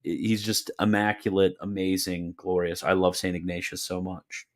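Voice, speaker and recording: Deep-voiced young guy on a livestream, deadpan replies to chat, jokey. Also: moderate pace. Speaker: livestream host answering chat questions. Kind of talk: casual livestream Q&A.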